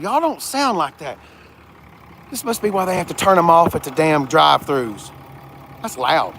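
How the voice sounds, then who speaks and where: A man talking in a loose, joking way, wandering from point to point and answering his chat. His voice sits high and gravelly. Faint background noise hangs behind him. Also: fairly bright tone. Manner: jokey, rambling, talks to chat. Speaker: car vlogger. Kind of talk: casual livestream walkaround.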